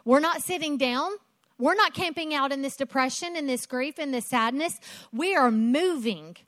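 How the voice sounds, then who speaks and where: A woman's voice: high-pitched, moderate pace, a bit bright, dry recording. A woman preaching a sermon in an emphatic way, asking rhetorical questions and repeating phrases for effect.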